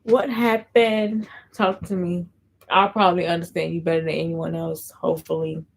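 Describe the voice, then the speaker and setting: Low, gravelly woman chatting on a live stream. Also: little pitch movement, normal speed, poor audio. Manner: chatty, reads and answers viewer comments. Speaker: livestream host. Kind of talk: casual livestream chat.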